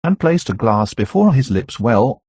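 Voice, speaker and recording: Male narrator, classic novel reading, low voice, husky tone, dry close sound. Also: dry recording. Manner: steady, measured reading. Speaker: audiobook narrator.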